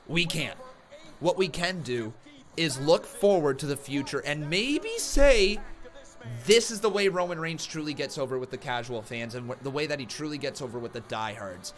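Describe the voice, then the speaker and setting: Excitable man ranting on a live stream. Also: fairly high pitch, normal speed, faint music behind. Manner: excitable, ranting, talks straight to chat. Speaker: wrestling live stream host. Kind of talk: live reaction stream commentary.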